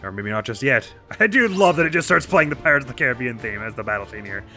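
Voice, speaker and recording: A man's voice: mid-range voice, animated, fast talker, bright, forceful tone, faint music behind. A man hosting a let's play, chatting playfully over the game and making goofy sound effects. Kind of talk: gameplay commentary.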